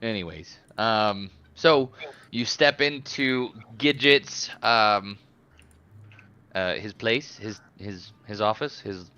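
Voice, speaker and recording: Slow-talking bright-voiced dungeon master man. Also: fairly low pitch, clear, resonant tone, highs cut off. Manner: rambling, many fillers and restarts. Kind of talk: casual game narration.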